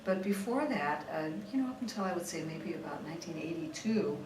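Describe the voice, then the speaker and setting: A woman with a lowish, lively voice speaks fairly quickly. A former tabloid reporter turned author, she reads her memoir dramatically and vividly, then chats in an interview, often restarting her sentences. The recording has a distant mic in a roomy space, with faint noise.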